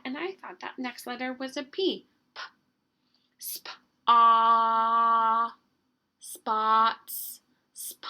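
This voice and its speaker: A woman teaching an early-grade writing lesson, slowly stretching out the sounds of words and coaxing answers with gentle questions. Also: high voice, slightly rough. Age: adult.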